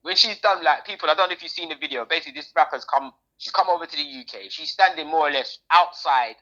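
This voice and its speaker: A podcast co-host with a low-sitting, bright, forceful voice talks quickly in a casual chat. She's opinionated and slangy, and the recording has a dull lo-fi sound.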